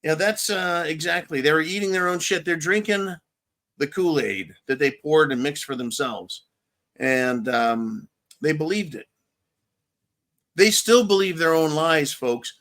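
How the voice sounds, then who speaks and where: A man's voice: a little high, expressive, measured pace, a bit bright. A man from California hosting a show, giving blunt, profane, rambling political commentary in answer to viewer questions. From California, USA. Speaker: host.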